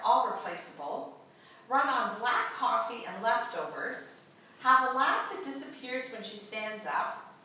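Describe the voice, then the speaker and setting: A woman voicing God as a patient male creator in a read-aloud story, with a slow, expressive delivery, recorded from far off in an echoey room. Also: a little high, a little hiss or hum, full character voice.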